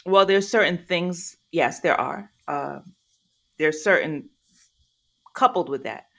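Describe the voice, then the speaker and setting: A woman's voice: sits low, slow, creaky. A woman with a New York accent chatting casually with her sisters, acting out quoted voices. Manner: animated, acts out quoted voices. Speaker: podcast co-host. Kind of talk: casual chat among sisters.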